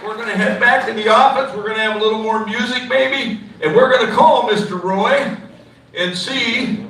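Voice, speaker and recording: A man's voice: high-pitched, moderate pace. A man announcing a ticket drawing to a crowd, folksy and teasing as he coaches a child through the draw. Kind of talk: jokey live announcing to a crowd. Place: outdoor event with crowd. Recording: echoey, far-off, loud crowd noise.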